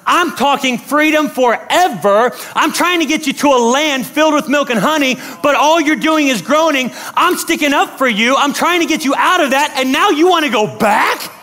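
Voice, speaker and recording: A man preaching a sermon as pastor in an energetic, blunt and playful way. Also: very high voice, moderate pace, few pauses.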